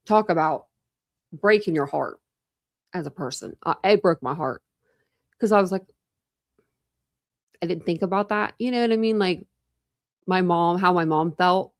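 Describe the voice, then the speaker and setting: Speaking in a lowish voice, a true crime YouTuber in her forties rambles casually on a live stream, peppering her speech with "like." She's at home in a room with a couch and a cat, and the recording is dry with clean studio sound.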